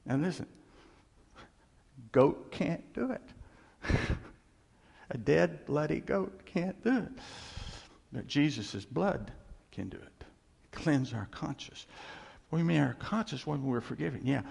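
A pastor delivers an animated sermon, swinging from loud exclamations down to hushed asides. His medium-pitched voice is gravelly and husky, a little slow, and a long reverb from the surrounding hall trails behind it.

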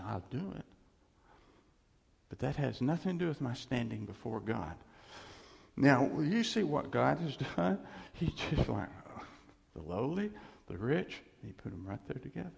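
A man's voice: mid-range voice, big pitch swings, moderate pace, gravelly. A man preaching a conversational, emphatic sermon, acting out quoted voices. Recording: reverberant hall.

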